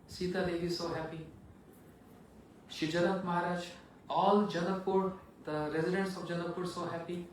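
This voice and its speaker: A man's voice: sits high, little pitch movement, normal speed. A male monk animatedly telling a devotional story, acting out the scenes. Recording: echoey room, far from mic, faint noise.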